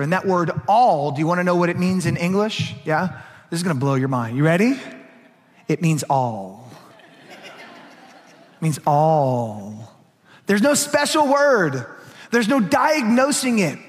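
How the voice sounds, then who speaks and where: A middle-aged man preaching a sermon as a pastor, his voice pitched high for a man. He swings between hushed, intimate passages and raised, emphatic lines. A long reverb from a large hall trails after each phrase.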